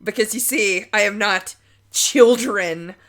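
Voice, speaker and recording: A woman's voice: medium pitch, takes it slowly, fairly bright tone, a little hiss or hum. A woman voicing a brash, cocky young female thief who boasts theatrically. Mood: boastful.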